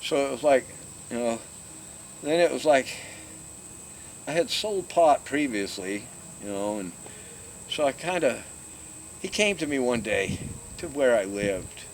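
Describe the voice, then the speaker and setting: A man's voice: medium pitch, animated, a little slow, pauses often. An older man casually telling stories from his past, laid-back and profane, laughing often. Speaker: storyteller. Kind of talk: casual storytelling. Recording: noisy outdoor recording with crickets.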